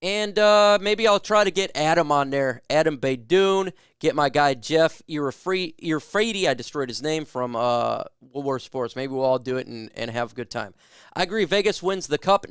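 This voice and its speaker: A man in a somewhat high register runs a casual fan livestream, reading out viewer questions and firing back loose, joking opinions. His voice comes through clean and smooth. The sound is dry and close, with no room around it. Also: moderate pace, a bit bright, no echo. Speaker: sports talk livestream host. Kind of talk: casual live chat answering viewer questions.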